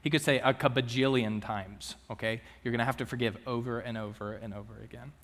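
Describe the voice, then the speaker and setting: A man's voice: medium pitch, fairly even intonation, a little fast, a bit bright. A man, a student minister, preaching a sermon in a casual, conversational way with frequent asides to the congregation. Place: church sanctuary. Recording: long reverb of a church hall.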